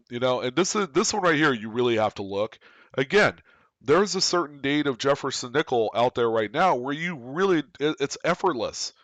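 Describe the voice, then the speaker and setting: Excited man hosting a coin report. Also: mid-range voice, dry recording. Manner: excited, emphatic, talks to viewers directly. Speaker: coin collecting channel host. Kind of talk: casual market report commentary.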